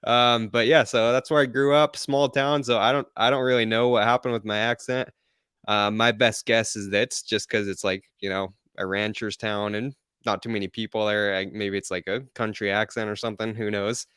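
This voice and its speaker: A man from Utah, answering interview questions in a relaxed, easygoing way and laughing often. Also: fairly low pitch, moderate pace, clear, resonant tone, no room sound, clean studio sound. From Utah, United States. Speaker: podcast host as interview guest. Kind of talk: live-streamed interview.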